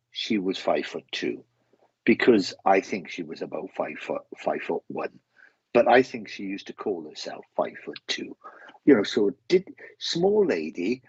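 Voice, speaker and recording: Husky Welsh man with halting speech. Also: lowish voice, no room sound, dull audio. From Wales. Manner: halting, repeats words and restarts often. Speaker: medium giving live readings. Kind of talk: live-stream readings to viewers.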